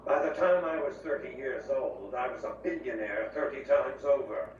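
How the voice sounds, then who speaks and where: An actor playing a cold, proud tycoon who rules from a screen, imperious and possessive. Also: male voice, medium pitch, moderate pace, close to an everyday voice. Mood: smug. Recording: echoey game audio from far off, dull and hissy.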